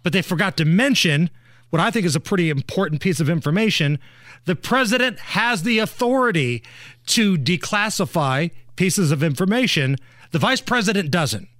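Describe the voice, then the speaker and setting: High-voiced male political talk host. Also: expressive, moderate pace, fairly bright tone, no room sound, studio quality. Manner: pointed, rhetorical questioning. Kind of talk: political talk show commentary.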